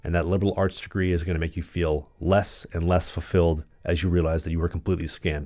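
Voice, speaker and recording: A man's voice: low-pitched, flat delivery, quick pace, hardly any pauses, darkish tone, no echo. A man hosting a political commentary channel, delivering a blunt, combative, sarcastic monologue full of repetition.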